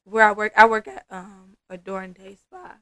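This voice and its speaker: A woman's voice: mid-range voice, normal speed, pushed and bright, dry recording. A woman, a massage therapist guest chatting casually on a podcast and acting out her clients' lines.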